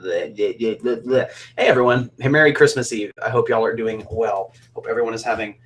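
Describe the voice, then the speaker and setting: A young man from Alabama, hosting a casual, upbeat and jokey live stream chat as a singer. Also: mid-range voice. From Alabama, USA.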